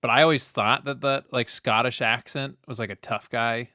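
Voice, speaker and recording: A man's voice: medium pitch, fairly even intonation, normal speed, pushed and bright, dry recording, clean studio sound. A man co-hosting a casual podcast, telling a laid-back childhood story with lots of fillers. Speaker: podcast co-host. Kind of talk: casual chat.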